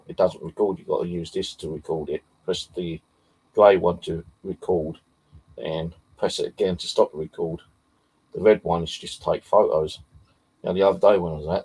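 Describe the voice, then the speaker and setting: Low gravelly bloke rambling on, swears a lot, husky dark voice. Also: male voice, poor audio. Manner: rambling, swears often, many fillers. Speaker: vlogger. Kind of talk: casual rambling chat.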